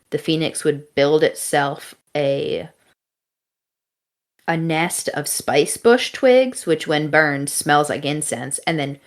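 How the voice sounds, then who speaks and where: Young woman, podcast host, casual storytelling, low voice, unhurried. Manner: chatty, casual, with fillers and swearing.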